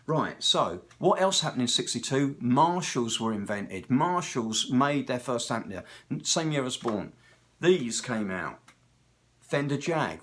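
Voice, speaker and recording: A man's voice: on the high side, lively intonation, normal speed, fairly bright tone. Rambling British man in his sixties. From Britain. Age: 60s. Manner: digressive, talkative, tangent-hopping storyteller. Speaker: guitar technician. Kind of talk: casual rambling monologue.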